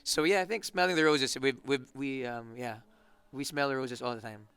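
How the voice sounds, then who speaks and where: A man from the Philippines chats loosely in an interview, joking and rambling with restarts. His voice is bright and crisp. The sound is close and dry. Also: mid-range voice, moderate pace, no echo. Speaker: band member. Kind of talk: casual interview chat.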